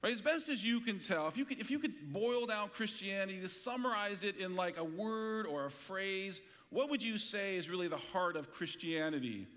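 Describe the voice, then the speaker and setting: A high, bright-voiced man delivers a sermon in a hall with a long reverb tail. He talks conversationally, asking his listeners rhetorical questions and slipping in light humor. His voice rises high and carries a sharp edge. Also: lively intonation, normal speed, few pauses. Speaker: pastor. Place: church hall.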